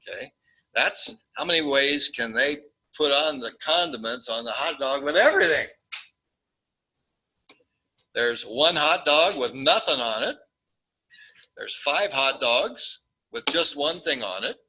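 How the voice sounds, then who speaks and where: Bright-voiced man lecturing with playful asides. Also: medium pitch, measured pace, pauses often, breathy edge, rough recording. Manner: jokey, animated, acts out little scenes. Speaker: statistics lecturer. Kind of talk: classroom lecture.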